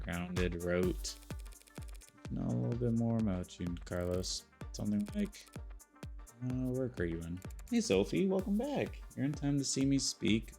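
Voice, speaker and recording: A man's voice: medium pitch, creaky, a little mellow. A man streaming a game, giving casual, joking, teasing commentary.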